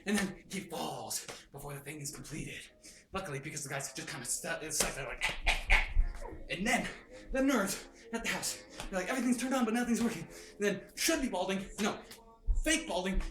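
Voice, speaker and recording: A man's voice: high-pitched, animated, a little fast, background noise. Hyper young man, far from the phone. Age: young adult. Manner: hyper, laughing, makes sound effects. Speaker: brother retelling a movie. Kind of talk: excited casual retelling. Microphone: phone held by his sister. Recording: roomy and far from the phone, with music.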